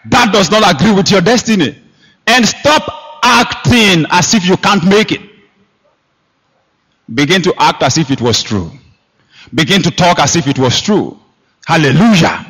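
A man preaching a sermon, emphatic, with sharp rises and quiet drops. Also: high-pitched, very animated, unhurried, long pauses, husky. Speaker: pastor. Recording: long hall reverb.

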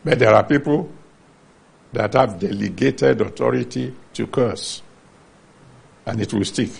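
A man's voice: mid-range voice, a little slow, gravelly, husky. A man preaching a sermon, earnestly teaching from the Bible and citing chapter and verse.

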